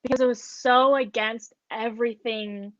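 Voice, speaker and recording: Young woman talking casually, like like like, kinda high voice, muffled dry sound. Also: steady tone, moderate pace, no room sound. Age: young adult. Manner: rambling storytelling, heavy on filler words. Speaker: podcast co-host. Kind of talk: casual chat.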